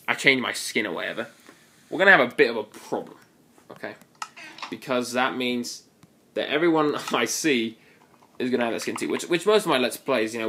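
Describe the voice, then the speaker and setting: A man talks his way through a game session in a loose, rambling way, stopping and restarting mid-sentence and drifting from one tangent to the next. His voice sits at an ordinary middle pitch for a man. He is playful and likes to exaggerate for fun. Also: fairly bright tone, slight background noise. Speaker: gaming video host. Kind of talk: casual gameplay commentary.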